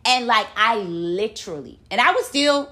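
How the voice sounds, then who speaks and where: A woman in her thirties telling a personal faith story in casual chat, animated and full of church talk. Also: fairly high pitch, moderate pace.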